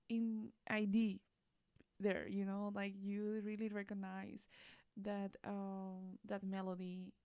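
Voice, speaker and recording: A young woman reacting to an album in a casual vlog, gushing and excitable, rambling with fillers and restarts. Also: fairly high pitch, no echo, studio quality. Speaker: music reaction vlogger.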